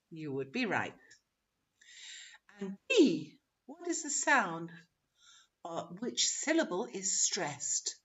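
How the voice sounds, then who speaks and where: A woman's voice: mid-range voice, big pitch swings, takes it slowly, pauses often, highs cut off. A woman teaching English pronunciation in an online webinar, drawing out example words and laughing often.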